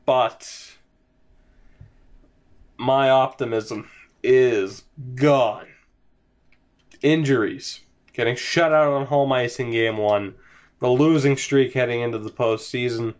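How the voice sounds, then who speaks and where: A man's voice: medium pitch, measured pace. A young man casually commentating his hockey video game franchise at home, sighing, yawning and sounding resigned as his team loses. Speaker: gaming commentator. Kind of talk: casual let's-play commentary.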